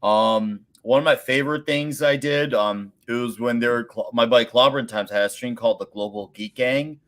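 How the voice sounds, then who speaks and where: A man being interviewed as a guest, telling relaxed, rambling stories with many fillers. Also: mid-range voice, normal speed. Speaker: guest creator. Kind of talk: casual interview chat.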